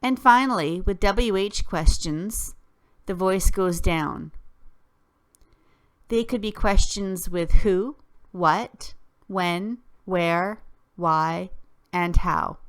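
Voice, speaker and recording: A woman teacher reading a scripted lesson, careful and deliberate, with clear pauses. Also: fairly low pitch. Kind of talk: slow scripted lesson narration.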